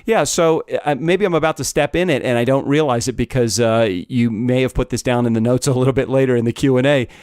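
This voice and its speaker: A man's voice: medium pitch, darkish tone, no room sound. Dry-sounding male podcast host. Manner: friendly, laughs often, hesitant questions. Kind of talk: interview host.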